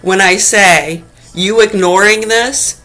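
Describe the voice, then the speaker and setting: A mother ranting angrily to camera in a vlog, cursing heavily and swinging between low muttering and shouted outbursts. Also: slow, faint music behind, poor audio. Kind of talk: angry profane rant vlog.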